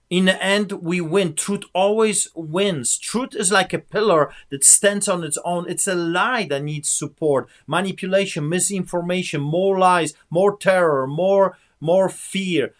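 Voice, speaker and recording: A pastor preaching fervently as a guest, with rousing biblical exhortation. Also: male voice, high-pitched, a bit bright. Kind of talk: preaching to an online audience.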